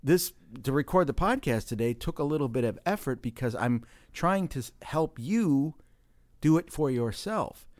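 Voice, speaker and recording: A man's voice: on the high side, expressive, moderate pace, dry recording. A man hosting a podcast in casual chat, explaining himself at length and telling stories. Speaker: podcast host. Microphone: studio microphone.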